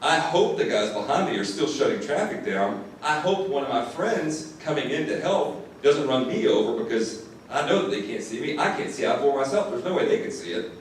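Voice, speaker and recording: Deputy telling a story in an echoey hall. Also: male voice, medium pitch, animated, a little fast. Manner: earnest, repeats words when moved. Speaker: sheriff's deputy speaker. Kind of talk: first-person storytelling to an audience. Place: classroom or lecture hall. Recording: distant mic in an echoey room, faint noise.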